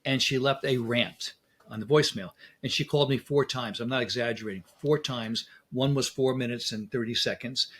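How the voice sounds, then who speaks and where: A man, a dentist guest in a casual interview, telling lively anecdotes and acting out dialogue. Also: mid-range voice, moderate pace, husky.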